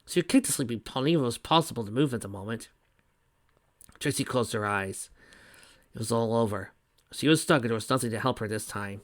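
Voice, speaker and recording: A man reading fan fiction aloud in a steady voice, with small slips and restarts. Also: mid-range voice, a little fast, pauses often, no echo, studio quality. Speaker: reader.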